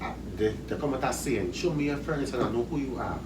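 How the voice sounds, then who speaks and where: A man, an interview guest who talks in an animated way, laughs often and gives advice. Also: medium pitch, brisk. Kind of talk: casual outdoor chat. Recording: echoey, distant, noisy outdoor ambience.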